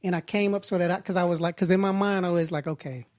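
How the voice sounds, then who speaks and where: Brief: man, co-host, lively storyteller, stacks restarts, casual chat. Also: high voice, quick pace. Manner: animated storyteller, emphatic, repeats words as he builds a point. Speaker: podcast co-host. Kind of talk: casual conversation.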